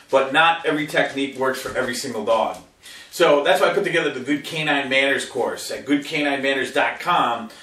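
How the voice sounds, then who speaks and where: A male dog trainer giving an animated lesson to camera and checking in with listeners, often slipping into high voices to quote dog owners. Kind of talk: instructional talk to camera. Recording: roomy sound from a distant mic.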